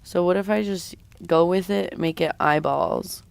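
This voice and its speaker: A woman livestreams herself drawing and chats with her viewers at an unhurried, slow pace. Her voice sounds a little sick, yet it stays smooth and clean. The recording is dry and close, with no room sound. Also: fairly low pitch, dry recording. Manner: chatty, talks while drawing, reads and answers chat. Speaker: streamer. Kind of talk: casual drawing livestream chat.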